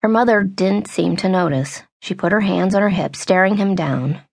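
A woman narrating a young adult novel in a steady, measured storytelling voice. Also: medium pitch, vocal fry, no room sound, clean studio sound. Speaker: audiobook narrator. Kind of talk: scripted narration.

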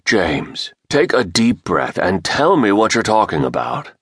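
A man reads a calm older professor in a low, unhurried voice. His lines come out deliberate and measured, dry and close to the mic. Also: slightly rough, no echo, heavily acted.

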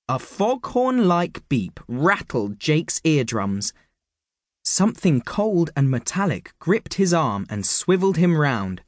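A man narrating a children's book audiobook with animated, playful storytelling. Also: mid-range voice, slow, no echo, studio quality. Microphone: close studio mic.

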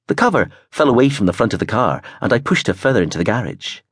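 A man narrating a novel in the first person, an expressive storyteller with a husky tone. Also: on the low side, fast, no room sound, studio quality. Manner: expressive storytelling with voiced character turns. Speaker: audiobook narrator.

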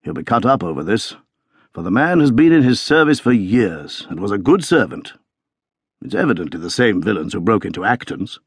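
A man voicing a hearty older country colonel who talks in a brisk, genial, matter-of-fact way. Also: on the low side, sing-song, slightly rough, no echo, studio quality, exaggerated voice.

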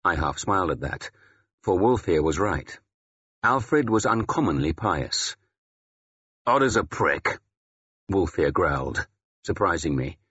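A male audiobook narrator tells the story in the first person with measured, dry delivery. His voice is very low and husky. The recording has a dull, lo-fi sound. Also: expressive, fairly bright tone.

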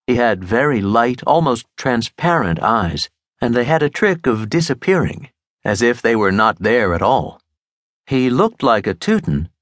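A man narrating a mystery audiobook in a crisp, expressive storytelling manner. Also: medium pitch, measured pace, no room sound, studio quality. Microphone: close studio mic.

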